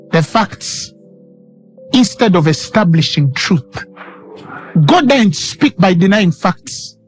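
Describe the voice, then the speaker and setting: A man preaching a sermon with emphatic delivery, repeating lines for stress and quoting scripture dramatically. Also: high-pitched.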